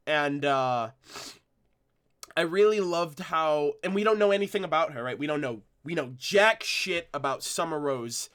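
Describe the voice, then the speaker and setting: A man's voice: on the high side, animated, normal speed, a bit bright, smooth. A young man hosting a livestream, rambling in casual commentary with lots of restarts and fillers. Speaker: streamer discussing a cartoon episode.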